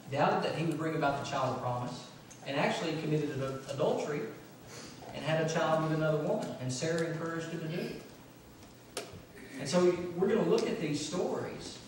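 A man's voice: on the high side, a little hiss or hum. A man, preaching a conversational sermon full of fillers and personal stories. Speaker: pastor. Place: church sanctuary. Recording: very echoey church from far off.

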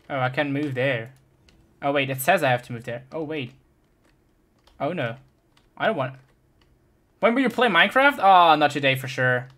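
A young adult German-native streamer, excitable and laughing, swearing and chatting with viewers while playing a game. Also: medium pitch. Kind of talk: live-streamed gameplay chat.

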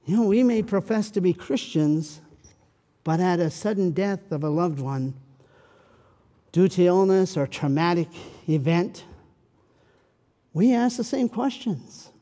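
A man preaching a sermon as pastor, dramatic, moving between loud pleading and a soft, slow hush. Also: high voice, lively intonation. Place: church sanctuary. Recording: church hall with long reverb.

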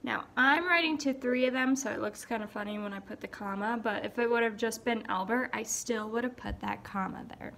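A young woman teacher giving a recorded writing lesson, saying each word slowly aloud as she writes it down. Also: a little high, vocal fry, fairly bright tone. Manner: slow, dictating words aloud as she writes. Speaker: elementary school teacher.

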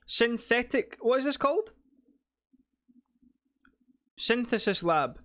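An excitable man talking through a horror game as he plays. He swears freely and jumps from low muttering to sudden loud shouts. The tone is casual, like commentary for his viewers. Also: takes it slowly. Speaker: gaming host. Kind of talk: casual let's-play commentary.

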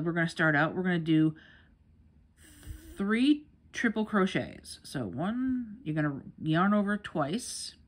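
A middle-aged woman from New York gives a casual crochet tutorial in a rambling, chatty way, with many fillers and restarts. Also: low-pitched. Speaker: crochet teacher.

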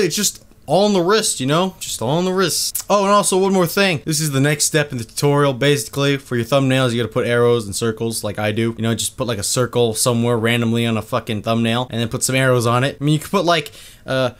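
A man's voice: medium pitch, clear, resonant tone. A young man giving a mock tutorial in a casual, profane way and mocking a hype voice in the quoted bits. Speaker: YouTuber.

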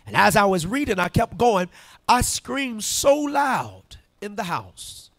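A male pastor preaching with emphatic call-and-response, pushing some lines up to shouts. His voice sits high and swings widely in pitch. The sound is dry and close. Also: big pitch swings, takes it slowly, dry recording. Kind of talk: sermon. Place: church sanctuary.

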